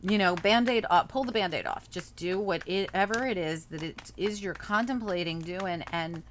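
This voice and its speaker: A woman's voice: lowish voice, moderate pace, a little hiss or hum. A woman doing a casual tarot reading, chatting and thinking aloud as she turns the cards over. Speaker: tarot reader.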